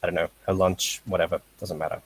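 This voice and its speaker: A man teaching a casual lesson over a voice call, halting with fillers and short laughs. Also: deep voice, level tone, husky, low-quality recording. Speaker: language teacher.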